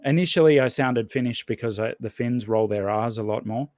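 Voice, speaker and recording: A man's voice: medium pitch, brisk, a little mellow, no room sound. A man as a podcast guest in casual conversation, rambling and thinking aloud with lots of restarts. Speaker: podcast guest, language learner.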